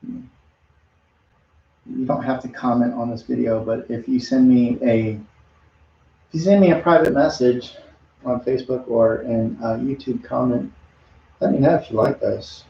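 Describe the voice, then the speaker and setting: A man's voice: medium pitch, a little slow, gravelly, long pauses, dark tone. Chatty man painting live, echoey room. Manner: rambling, chatty, talks to viewers between brushstrokes. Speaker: artist streaming a live painting demo. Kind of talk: casual live-stream chat while painting. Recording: dull lo-fi audio in an echoey room.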